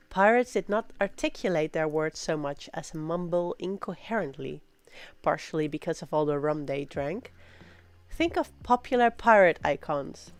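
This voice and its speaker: A woman streamer reads aloud at an easy, drawn-out pace in a slightly low voice. Now and then she throws in loud, playful pirate exclamations. The sound is close and dry, with faint music underneath. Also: dry recording. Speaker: livestream host. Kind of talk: reading aloud on a casual stream.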